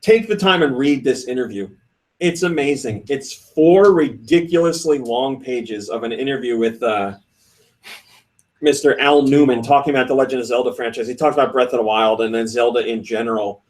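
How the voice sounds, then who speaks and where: A man hosting a casual podcast, reading listener comments and retelling stories in an animated way, often laughing. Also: medium pitch, normal speed, recorded from a distance. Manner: animated storytelling with frequent laughs; reads listener comments aloud. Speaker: podcast host.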